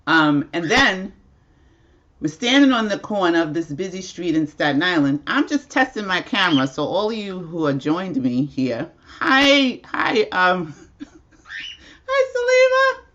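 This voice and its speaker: A woman's voice: fairly low pitch, animated, normal speed, a bit bright, lo-fi sound. A woman hosting a casual livestream at home, telling a rambling story with frequent laughs. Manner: chatty, rambling, laughs often. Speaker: livestream host.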